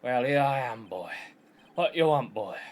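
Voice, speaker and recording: A man's voice: on the high side, unhurried, creaky. A man voicing a pompous elderly male lawyer in a wobbly mock-Scottish lilt, calling people "boy" and "laddie". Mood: brusque.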